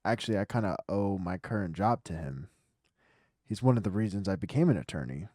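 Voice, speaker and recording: Dude reading a young rookie lawyer, earnest and plain. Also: male voice, sits low, animated, a little fast, warm tone, no room sound, clean studio sound, pitched below the performer's own voice. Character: earnest young male rookie defense attorney.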